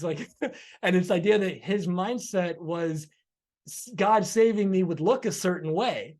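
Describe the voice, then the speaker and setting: A man hosting a podcast who retells stories in an animated, conversational way. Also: high voice, a little slow. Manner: animated storyteller. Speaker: podcast host. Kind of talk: conversational interview storytelling.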